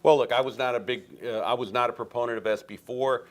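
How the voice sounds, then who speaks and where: Deliberate male political guest. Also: mid-range voice, fairly even intonation. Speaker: guest commentator. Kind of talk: political debate talk.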